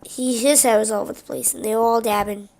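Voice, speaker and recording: A woman's voice: a little high, fairly even intonation, fast, a little mellow. A woman casually retelling a game video, rambling with lots of "he was like". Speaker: narrator.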